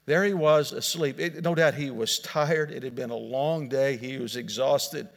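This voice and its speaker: A man's voice: medium pitch, normal speed, creaky. A male pastor preaching a sermon in an earnest, explaining way, often restarting and repeating words. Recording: long hall reverb.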